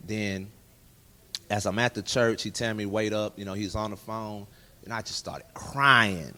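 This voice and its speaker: A man, a guest in a candid interview, telling his personal testimony and acting out dialogue in lively voices. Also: lowish voice, measured pace, a little hiss or hum. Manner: animated storyteller who acts out dialogue in other voices.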